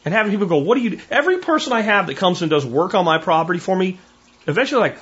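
Rapid-fire and husky, this high-pitched middle-aged man hosts a podcast, casually spinning stories in a monologue. He brings animation to the telling and acts out the voices of people he quotes. It's captured in a dull lo-fi recording.

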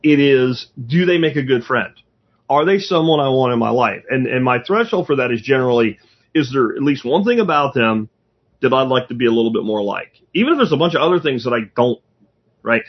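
A man with a husky, slightly breathy voice talks in blunt, rambling bursts, swearing freely in casual conversation. The recording is a little dull and muffled. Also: medium pitch, animated, brisk. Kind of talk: casual chat.

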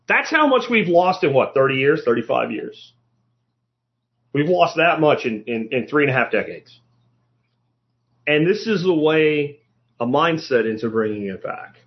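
A man's voice: a little high, muffled recording. A man hosting a solo podcast, talking bluntly and casually, swearing now and then and often restarting his sentences. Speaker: podcast host.

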